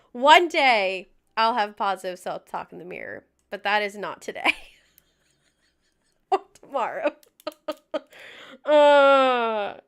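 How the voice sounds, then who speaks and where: A woman's voice: mid-range voice, big pitch swings, slow, creaky, a bit bright, clear, resonant tone. A young woman chatting casually with her livestream viewers, out of breath, laughing often and joking at her own expense. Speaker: music streamer.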